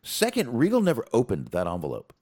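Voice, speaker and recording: A man's voice: medium pitch, fairly quick, husky. A man co-hosting a casual podcast, rambling and swearing as he recaps wrestling shows. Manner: profane, animated, rambling with fillers. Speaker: podcast co-host.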